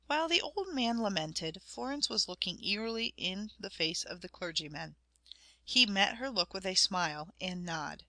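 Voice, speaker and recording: Brief: woman narrator, bright forceful tone, measured storytelling, dry close sound. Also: mid-range voice, lively intonation, no echo. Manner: measured storytelling, addressing the listener. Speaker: audiobook narrator. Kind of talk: scripted narration.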